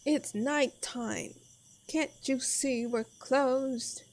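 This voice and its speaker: A woman voicing a grumpy male village barkeep in a visual novel, blunt and gruff. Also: medium pitch, moderate pace, lightly acted. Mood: annoyed.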